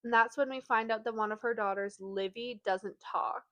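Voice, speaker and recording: A book podcast co-host retells a plot in casual chat, chatty and loaded with fillers, especially "like," and gets animated when acting out quotes. Her voice is a little high at normal speed, on a dry recording.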